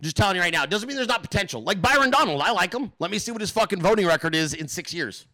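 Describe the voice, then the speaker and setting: A man with a high, bright, forceful voice rants on a political livestream. He is emphatic and profane, and he rambles as he talks straight to his viewers and chat. The recording is dry and close, with no room sound. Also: expressive, rapid-fire, no echo. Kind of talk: casual profane political rant.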